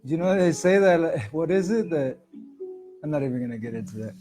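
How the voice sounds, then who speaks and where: A man's voice: a little high, expressive, a little fast, warm tone. A man hosting a casual spiritual livestream from home, talking loosely and chatting with his viewers. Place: home, music playing softly behind. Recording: faint music in background.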